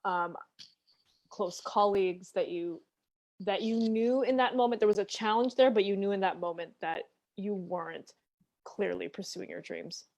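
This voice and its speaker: A woman's voice: medium pitch, normal speed, creaky, darkish tone. A woman hosting an interview as a life coach, asking long, winding questions while searching for her words.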